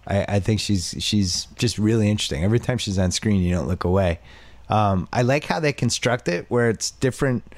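A man's voice: on the low side, a little mellow, no echo. A man hosting a pop culture podcast, opinionated and talking in short bursts with restarts. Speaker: podcast host. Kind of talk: casual pop culture chat.

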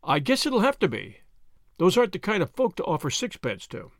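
A man's voice: high voice, huge pitch swings, brisk, dry recording, studio quality, voice pushed up, full character voice. A man voicing a brash, wealthy young man in an audiobook, blunt and informal. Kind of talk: audiobook character voice.

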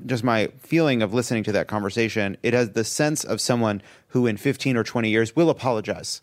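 A man's voice: on the low side, fairly quick. Man, podcast co-host, wry, ribbing, thoughtful, casual banter. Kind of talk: casual banter and interview questions.

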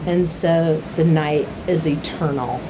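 A woman telling a personal story in a casual, lively way, laughing now and then and acting out what was said. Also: low voice, slow, noisy background. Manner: lively, laughs while telling, acts out quotes. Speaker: interviewee telling a hiking story.

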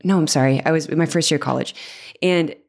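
A woman's voice: deep voice, quick pace, creaky, darkish tone. A woman in her thirties, a podcast guest, chatting casually and rambling with self-deprecating asides and restarts. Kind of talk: casual interview chat.

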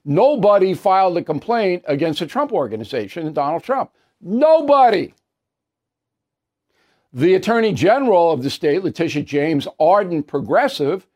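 Male news commentator, slightly high voice, from New York, blunt and emphatic, hammers points home. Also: darkish tone.

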